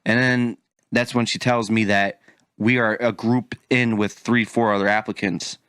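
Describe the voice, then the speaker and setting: A man's voice: on the low side, level tone, normal speed, a bit bright, clear, resonant tone, no echo, clean studio sound. A man co-hosting a podcast in casual chat, ranting animatedly and swearing freely. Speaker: podcast co-host.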